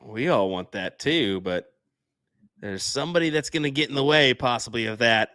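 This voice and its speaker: Man, young, darts co-commentator, mid pitch, dry close sound, measured and analytical. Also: expressive, sharp tone, dry recording. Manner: measured, analytical, frequent fillers. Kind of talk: casual live commentary.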